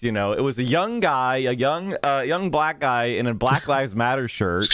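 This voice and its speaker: A man's voice: mid-range voice, moderate pace, smooth, no echo. A man telling a story to his chat in a casual, profane way, acting out what others said. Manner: swearing, animated, acts out quotes.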